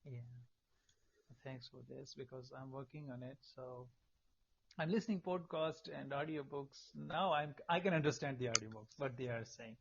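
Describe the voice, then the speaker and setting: A polite, hesitant man with an Indian accent, chatting as a guest and pausing often to find his words. His voice has a middle pitch. It comes through a muffled, dull call line. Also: vocal fry, a little hiss or hum. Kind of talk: casual chat.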